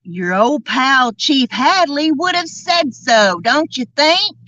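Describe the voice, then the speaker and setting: A woman hosting a true crime podcast, delivering an indignant, emphatic monologue and drawing out key words slowly. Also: high voice, expressive, sharp tone, dry recording, muffled recording. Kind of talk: angry commentary monologue.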